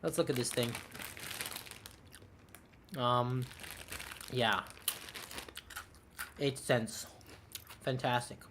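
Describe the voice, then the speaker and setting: A man's voice: medium pitch, steady tone, very slow, pauses often, background noise. A young man streaming, chatting casually and sarcastically while opening game cases, rambling with frequent little laughs.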